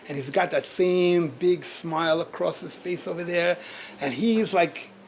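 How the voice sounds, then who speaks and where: A man, a rabbi, telling a story at a community gathering, animated, often laughing and repeating words as he goes. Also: sits high, a little slow.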